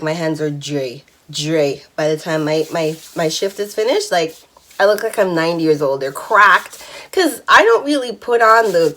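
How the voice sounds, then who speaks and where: A woman's voice: on the high side, a bit bright. A woman in her thirties telling a personal story in a candid, chatty vlog, laughing now and then. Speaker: vlogger.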